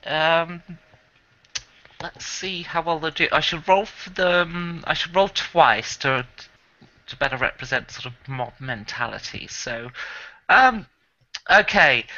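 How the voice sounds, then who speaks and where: A man narrates a tabletop game as game master, chatty and quick to laugh. His voice is very bright and lively in pitch, and he takes his time. The voice-chat audio sounds dull and lo-fi.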